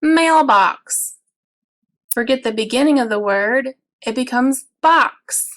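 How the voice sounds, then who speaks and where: Slow, patient woman teaching sounds. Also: a little high, a bit bright. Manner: slow, clear, patient explaining with drawn-out example words. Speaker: early childhood teacher. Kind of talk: instructional video for parents.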